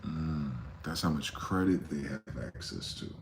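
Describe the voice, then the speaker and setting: A man's voice: rumbling low, fairly even intonation, a little slow, reverberant, noisy background. A man hosting a rambling late-night monologue, profane and conspiratorial in tone, with many asides. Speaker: host.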